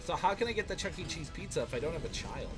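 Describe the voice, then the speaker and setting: Excitable man streaming a game. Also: a little high, fast talker. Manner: excitable, yelps and exclaims. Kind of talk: live gameplay reaction. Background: game music.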